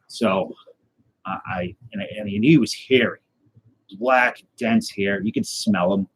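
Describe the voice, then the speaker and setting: A man telling a tall tale in a rambling, deadpan way, with many fillers and restarts. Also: on the low side, measured pace, breathy edge, poor audio. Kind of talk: casual tall-tale storytelling.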